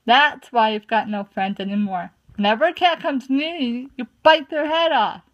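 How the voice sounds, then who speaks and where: A woman's voice: a little high, moderate pace, natural voice. A woman voicing a fiery, indignant young female apprentice cat in a fan storybook reading, on a muffled lo-fi recording. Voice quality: indignant, sharp.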